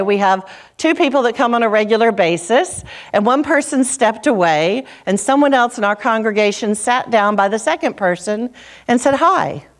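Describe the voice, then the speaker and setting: A woman minister preaching a sermon, telling stories with dramatic pauses and dropping low for quoted lines. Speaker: senior minister. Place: church sanctuary.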